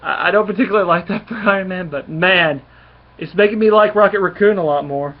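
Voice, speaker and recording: An enthusiastic man rambling through a comic book review and often restarting his sentences. His voice sits a little high, and the recording is dull and lo-fi. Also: a little fast.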